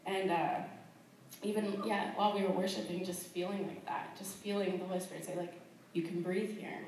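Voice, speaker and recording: A woman's voice: medium pitch, level tone, fairly quick, darkish tone, slight background noise. A woman missionary telling her personal testimony in a chatty way, full of fillers and laughs, in a church hall. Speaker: missionary sharing her calling. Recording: very echoey room, far from the mic.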